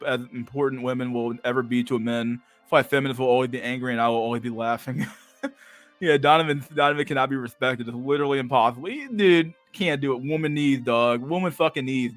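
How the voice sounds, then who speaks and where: A man's voice: mid-range voice, brisk, fairly bright tone, dry recording, faint music behind. A man streaming a casual rant and reacting to chat, cursing freely, laughing often and stumbling over repeated words. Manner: profane, stammering repetitions, frequent laughter.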